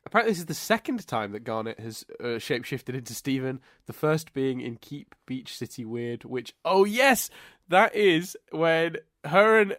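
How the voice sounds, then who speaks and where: A man's voice: fairly high pitch, sing-song, moderate pace, fairly bright tone, dry recording, studio quality. A man from England hosting a podcast, stuffy with hay fever, rambling with lots of restarts. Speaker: podcast host. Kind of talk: casual podcast chat.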